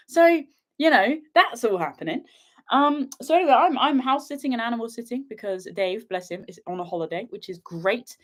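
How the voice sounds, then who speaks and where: A young woman from England chats to her livestream viewers from a sofa at home, giggly and full of playful asides. Her pitch swings in a lively, animated way, and she sounds a little sniffly and tearful from an allergy. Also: moderate pace. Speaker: outdoor vlogger hosting a livestream. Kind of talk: casual livestream chat to viewers. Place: sofa in her father's living room.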